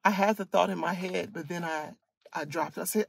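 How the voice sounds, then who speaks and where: A woman's voice: lowish voice, steady tone, a little fast, vocal fry, slightly rough, no echo. A woman in her late thirties from Michigan, hosting a casual storytime, talking in a candid, earnest way that circles back and repeats itself. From Michigan, USA. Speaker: host and coach for women.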